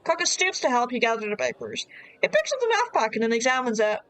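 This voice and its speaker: A woman's voice: a little high, big pitch swings, quick pace, a bit bright, no room sound, low-quality recording. A woman streamer reading a dating sim aloud and adding wry, amused asides, on a close desk mic.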